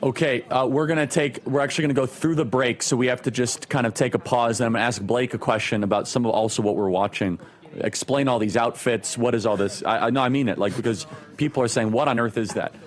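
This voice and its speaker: Man, TV anchor, mid-pitched voice, brisk, quick questions with restarts. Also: steady tone. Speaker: news anchor. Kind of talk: live broadcast hosting.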